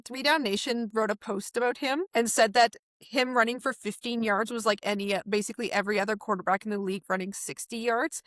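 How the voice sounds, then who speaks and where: A woman's voice: a little high, a little fast, few pauses, no echo. A young woman co-hosting a podcast, chatting about football and acting out what others said. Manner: animated storyteller, acts out quotes. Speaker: podcast co-host. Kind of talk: casual sports chat.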